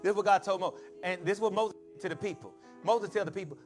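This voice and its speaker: Man, pastor, high voice, call-and-response sermon, faint music behind. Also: fast talker, few pauses. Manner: call-and-response preaching, building to shouts.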